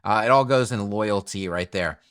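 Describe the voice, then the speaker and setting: A man's voice: on the low side, normal speed, a bit bright, clear, resonant tone. A man teaching web design in a screen-recorded tutorial, thinking aloud in a chatty way and correcting himself as he goes.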